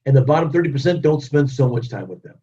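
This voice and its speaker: A man giving a keynote motivational leadership webinar talk, energetic, running through repeated lists and acting out what people say. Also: medium pitch, fast. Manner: energetic, repetitive lists, acts out quotes. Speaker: keynote speaker. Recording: dull lo-fi webinar audio.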